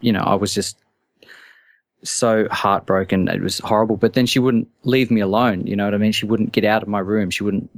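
A man's voice: fairly low pitch, fairly even intonation, no room sound, studio quality. A man calling in to a talk show, telling a personal story anxiously, stammering and restarting often. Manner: halting, stammering, many restarts. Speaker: caller.

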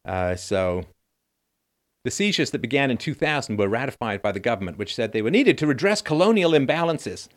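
A man's voice: mid-range voice, very animated, fairly quick. A middle-aged man hosting a show, reading news stories aloud and cutting in with mocking, jokey asides and laughter. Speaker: podcast host. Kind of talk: sarcastic news commentary.

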